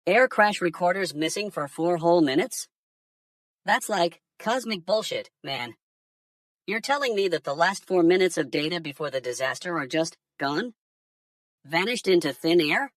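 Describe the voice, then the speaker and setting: A woman's voice: lowish voice, animated, moderate pace, no echo, distant mic, natural voice. Woman playing a crude alien conspiracy theorist, mocking, profane, dry sound, set back from the mic. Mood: scornful. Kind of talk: AI-generated news segment.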